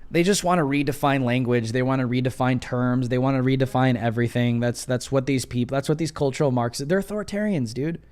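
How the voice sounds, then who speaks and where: A man's voice: quick pace, hardly any pauses, darkish tone, clear, resonant tone. A young adult man hosting a casual opinion livestream, sarcastic and mocking, who talks loosely with many fillers. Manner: sarcastic, mocking, mimics others in high voices. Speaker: livestream host.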